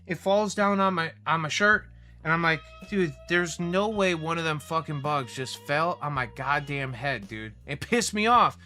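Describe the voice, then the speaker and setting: A man's voice: a little high, animated, moderate pace, bright, forceful tone, faint music behind. A young man hosting a livestream, ranting casually with heavy profanity and a heated, rambling delivery. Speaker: livestream host.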